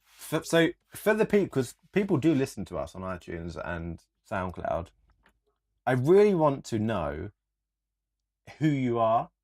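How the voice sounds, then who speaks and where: A young man, co-hosting a casual podcast and telling stories in an animated, sweary rant. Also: medium pitch, a little slow. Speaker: podcast co-host. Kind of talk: casual chat.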